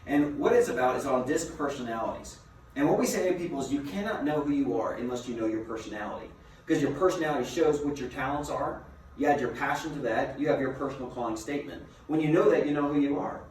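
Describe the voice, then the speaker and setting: A man giving a motivational seminar as a business coach, a lively storyteller who asks his listeners rhetorical questions. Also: medium pitch. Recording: very echoey room, mic far off, faint noise.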